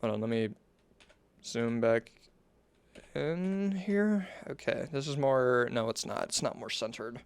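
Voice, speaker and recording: Smooth-voiced man reading aloud, stumbling. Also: mid-range voice, animated, takes it slowly, long pauses, dry recording. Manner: stumbling and self-correcting, apologetic asides. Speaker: commentator reading a document on stream. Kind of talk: reading aloud with casual asides.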